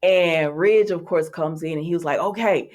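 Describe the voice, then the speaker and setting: A woman vlogger recaps soap opera episodes casually, chatty and animated, laughing and acting out quotes. Her voice is low and her speed normal.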